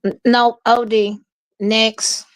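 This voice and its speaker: A woman's voice: fairly high pitch, little pitch movement, takes it slowly, no room sound, rough recording. A woman from Memphis with a Memphis accent, a guest telling stories bluntly and emphatically in a casual chat. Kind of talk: casual chat on a live stream.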